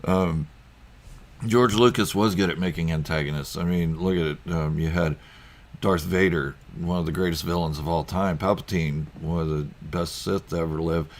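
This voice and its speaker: Deep-voiced man rambling on a live stream. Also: fairly even intonation, moderate pace. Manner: rambling, with frequent ums and chuckles. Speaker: YouTube channel host. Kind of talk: casual live-stream chat reading viewer comments. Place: at home.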